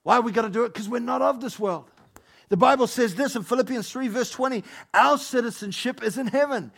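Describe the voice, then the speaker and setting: A man preaches in a high, gravelly voice. He is playful and teasing, tossing jokes at his congregation as he goes. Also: fairly quick, fairly bright tone. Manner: playful, joking asides to the congregation. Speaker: pastor. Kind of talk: lively sermon.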